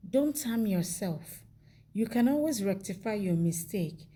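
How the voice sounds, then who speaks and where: A woman voicing a stern family matriarch who is deeply hurt, in her own slow, husky voice. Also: lively intonation, mellow. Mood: pleading, angry.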